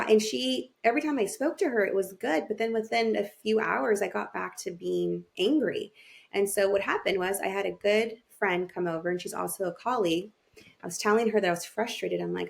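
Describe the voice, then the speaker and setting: A mid-range, gravelly voice, a little fast, belongs to a family therapist guesting on a podcast. She recounts her own experience openly and emotionally, performing the thoughts she had then in a candid storytelling manner.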